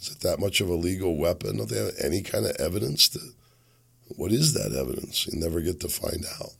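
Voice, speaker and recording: A man hosting a casual commentary show, riffing in a rambling, sardonic way with chuckling asides. His low voice has a gravelly fry and a bright, edgy tone. He is a bit sick. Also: lively intonation, a little fast. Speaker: podcast host.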